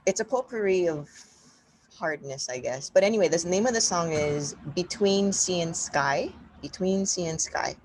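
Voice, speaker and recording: Woman with a low voice cohosting a podcast, chatty, giving recs, a bit of hiss behind. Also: animated, normal speed, a little mellow. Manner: chatty, upbeat recommending. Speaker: podcast co-host. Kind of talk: casual chat.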